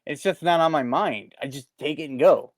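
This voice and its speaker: A man co-hosts a casual podcast, telling a long story in an animated, rambling way and tripping over his own restarts. His voice sits a touch high. The sound is dry and close to the mic. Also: normal speed, no room sound. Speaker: podcast co-host. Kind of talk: casual chat.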